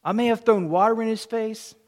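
A middle-aged man delivers a sermon in a fairly high voice, spinning personal stories. He acts out the quoted lines and swings from loud bursts down to a near whisper. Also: fairly quick. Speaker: pastor.

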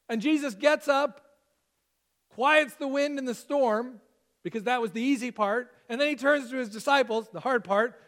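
A man preaching a Sunday sermon as pastor, earnest and emphatic, slowing down to stress key phrases. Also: extremely high pitch, a bit bright.

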